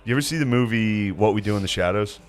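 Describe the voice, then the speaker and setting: A man with a low voice co-hosting a podcast. He trades crude, teasing quips in casual banter. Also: fast talker. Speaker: podcast co-host.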